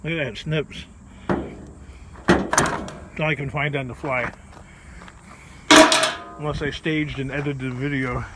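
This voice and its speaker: A man's voice: mid-range voice, fairly even intonation, slow pace, pauses often. A middle-aged man chatting casually on a scrap metal vlog, meandering and filler-heavy, recorded at a work area. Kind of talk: casual rambling vlog talk. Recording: loud background noise.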